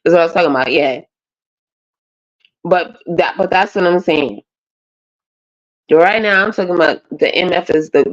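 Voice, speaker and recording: A woman, ranting bluntly and profanely as a panelist on a live stream. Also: sits low. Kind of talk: casual rant on a live panel. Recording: dull lo-fi stream audio.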